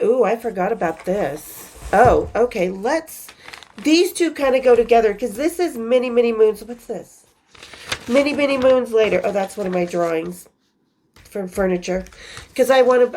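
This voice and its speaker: A woman's voice: medium pitch, darkish tone, a little hiss or hum. A woman hosting her own show, reading from her old journals in a candid, profane, casual storytelling manner with laughing asides. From western United States.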